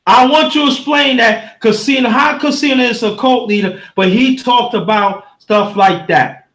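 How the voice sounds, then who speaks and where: Speaking at a normal speed in a very high-pitched voice, a man hosting a livestream goes on a heated, preachy rant. He reads the chat, frequently shouts, and talks straight to his audience.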